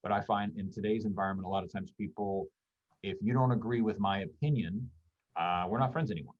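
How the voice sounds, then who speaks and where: Low, rambling male guest with lots of fillers, muffled lo-fi call audio. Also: fairly quick. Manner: rambling, thoughtful, many fillers. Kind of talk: casual conversation on a video call.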